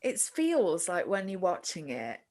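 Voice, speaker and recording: A woman's voice: on the low side, huge pitch swings, measured pace, darkish tone. A woman hosting a casual interview, encouraging her guest and laughing along. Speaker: podcast host.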